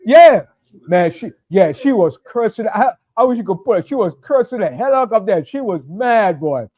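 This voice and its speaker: Man, high voice, preacher, fiery and conversational, repeats his points for emphasis. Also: lively intonation, normal speed, a little mellow, lo-fi sound. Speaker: pastor. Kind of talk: sermon.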